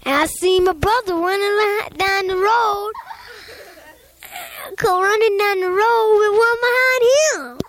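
A child with a very high voice tells a spooky tale in an unhurried, rambling way, piling on "and I kept on running" and sound effects. Faint hiss sits under the voice. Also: female voice, fairly bright tone. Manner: rambling, breathless, Southern-style storytelling with sound effects and laughs. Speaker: storyteller. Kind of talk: spooky story told aloud.

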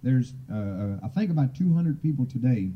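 A man from Florida giving an informal oral history talk, unhurried and rambling, with frequent hesitations. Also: medium pitch, expressive, breathy edge. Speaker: tribal speaker. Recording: dull lo-fi recording.

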